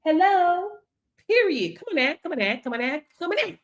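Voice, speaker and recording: A woman's voice: very high voice, big pitch swings, a little fast. A woman coach giving a motivational faith-based pep talk. She preaches emphatically, chants affirmations and keeps calling out "Hello?" to her listeners. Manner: preacher-like, emphatic, with frequent "Hello?" call-outs; repeats affirmations in a rhythmic chant. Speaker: business coach.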